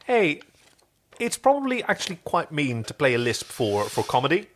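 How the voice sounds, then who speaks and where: Animated male podcast co-host reading aloud. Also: fairly high pitch, normal speed. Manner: lively, jokey, voices the characters. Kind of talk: casual reading of a story aloud.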